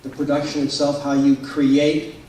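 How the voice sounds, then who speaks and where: A man's voice: on the high side, monotone, normal speed, mellow, slight background noise. A man in the audience earnestly asking a long, rambling question at a panel. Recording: echoey hall picked up from far off.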